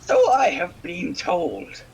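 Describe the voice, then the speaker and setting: Brief: a man doing a tetchy foreign stranger with a hammy British accent, high and swooping, for a tabletop game. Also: wildly swooping pitch, vocal fry, heavy background noise, exaggerated voice. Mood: indignant. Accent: British, played up badly on purpose. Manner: huffy, quick to snap back.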